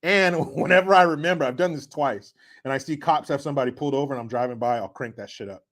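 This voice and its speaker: A middle-aged man hosting a casual political commentary stream, reading viewer comments with sarcastic, mocking asides that swing from loud to muttered. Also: mid-range voice, fast.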